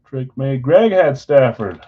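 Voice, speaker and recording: A man hosting a live sports card break stream, chatting casually and reading out names and teams in quick lists. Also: mid-range voice, lively intonation, slightly rough, phone-quality sound.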